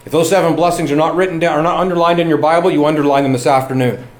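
A man's voice: fairly high pitch, steady tone, racing. A middle-aged man preaching a sermon, earnest and building to emphatic exhortation. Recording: echoey room.

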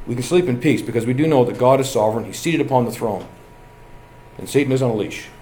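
A man's voice: mid-range voice, quick pace, warm tone, slight background noise. A middle-aged man preaching a sermon, earnest and building to emphatic exhortation. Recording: echoey room.

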